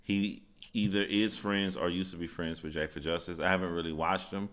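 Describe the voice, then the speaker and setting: A man co-hosting a casual live stream, joking about online trolls in an animated way. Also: low-pitched, fairly quick. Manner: joking, animated, swings into loud silly voices.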